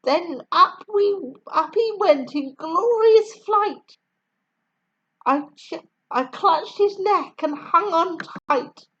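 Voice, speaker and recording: A woman reading rhyming storybook poems aloud, slow and expressive. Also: extremely high pitch, lo-fi sound.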